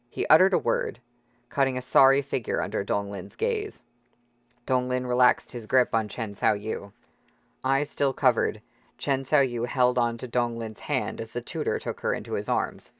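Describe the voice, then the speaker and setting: A man reading a novel aloud as audiobook narrator, steady and dramatic. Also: medium pitch, unhurried, creaky, no echo.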